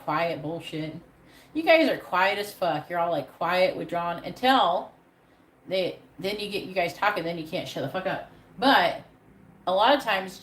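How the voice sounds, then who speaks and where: A woman giving a live tarot reading, talking in a blunt, profane way with a pep-talk delivery. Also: lowish voice. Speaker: tarot reader. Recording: echoey room with faint background noise.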